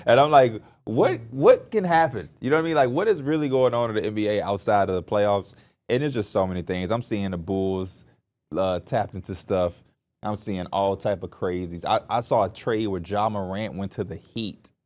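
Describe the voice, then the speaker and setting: A man's voice: lowish voice, fairly quick, a little mellow. A man with a Chicago accent co-hosting a sports podcast, joking and laughing often. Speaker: podcast co-host. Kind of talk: casual sports talk.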